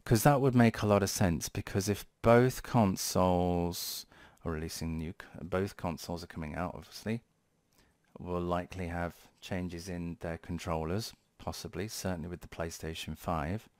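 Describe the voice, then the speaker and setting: A man's voice: low-pitched, fairly even intonation, normal speed, a little mellow, no echo. A man hosting a tech channel, chatting casually in a rambling, playful way with frequent self-corrections. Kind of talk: casual vlog commentary.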